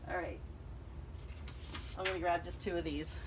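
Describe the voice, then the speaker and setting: A woman's voice: on the low side, fairly even intonation, moderate pace, noisy background. A middle-aged woman hosting a crafting channel, chatting casually and thinking aloud with lots of fillers as she works. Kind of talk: casual crafting tutorial chat.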